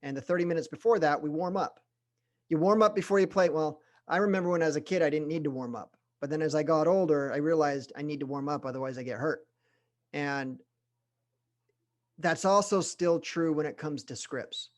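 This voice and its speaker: Middle-aged guy running sales training, animated, lots of pauses and speed changes, a bit high-pitched. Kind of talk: group training session.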